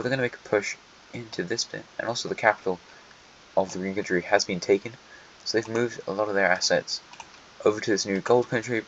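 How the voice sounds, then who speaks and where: A man with a lowish voice gives casual alternate history map commentary, tossing dry jokes at the countries as he goes. The recording sounds a little dull and lo-fi, with a faint hiss and some quiet typing behind him. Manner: dry, joking asides that address countries directly.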